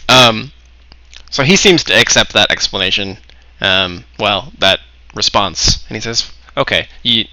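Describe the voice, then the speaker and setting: Male game master, low and bright, dry close mic, unhurried narration full of pauses. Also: dry recording, rough recording. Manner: relaxed, halting narration with many fillers.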